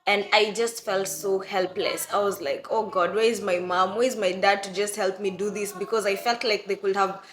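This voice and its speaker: A young Kenyan woman with a Kenyan accent, telling a personal story to her viewers in a lively, casual way. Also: mid-range voice, moderate pace, few pauses, echoey room. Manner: animated, addresses viewers as "guys", acts out quotes. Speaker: vlogger.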